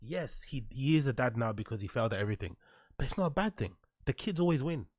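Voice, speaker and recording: A man of middle pitch talks loosely and sarcastically about posts he is reading, peppering his lines with swearing and quick laughs. His voice sits in a dry room with no echo, close and plain. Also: animated. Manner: mocking, profane, often breaks into laughter. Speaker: show host. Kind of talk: casual commentary reacting to online posts.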